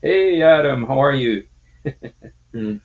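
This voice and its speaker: A man chats casually on a livestream, stopping and restarting often. His voice has a gravelly texture, and the stream audio is muffled and low-fidelity. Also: animated. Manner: halting, many fillers and restarts. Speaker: livestream host.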